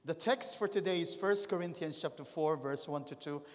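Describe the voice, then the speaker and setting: A man preaching a sermon as the pastor, swinging between loud calls and quiet asides. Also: a little high, moderate pace. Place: large church hall. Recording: echoey church hall.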